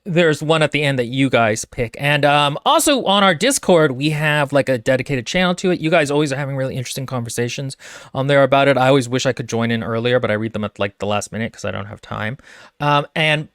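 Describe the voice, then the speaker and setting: A man's voice: mid-range voice, fast talker, a bit bright, no echo, studio quality. A man co-hosting a book podcast in casual chat, wry and joking, rambling with fillers. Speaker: podcast co-host.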